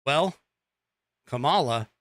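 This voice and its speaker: A male podcast host delivers a political monologue at an unhurried, drawn-out pace, with a bright, forward tone. He halts often, restarts his sentences, and slips in sarcastic asides. The sound is dry and close, with no room echo. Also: mid-range voice, expressive. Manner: rambling, halting with many fillers and restarts, sarcastic asides.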